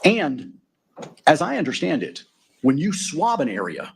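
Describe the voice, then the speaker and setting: A man's voice: fairly high pitch, wildly swooping pitch, a little slow, gravelly, a little hiss or hum. A man acting as defense attorney in a courtroom, cross-examining a witness methodically with leading tag questions.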